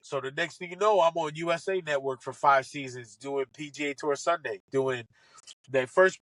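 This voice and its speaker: An excitable man tells comic stories as a podcast guest, slipping into the voices of the people in them. His voice sits a bit high and rings bright and forceful. The sound is close and dry, with no room in it. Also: moderate pace, no room sound, poor audio. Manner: animated, excitable, acts out quoted lines. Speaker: podcast guest, comedian and golf broadcaster. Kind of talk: casual comic storytelling.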